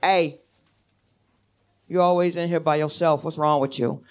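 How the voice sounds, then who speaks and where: A woman's voice: sits low, fairly even intonation, unhurried, noisy background. Woman doing a blunt old cashier lady. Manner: bossy, repetitive, streetwise advice-giving.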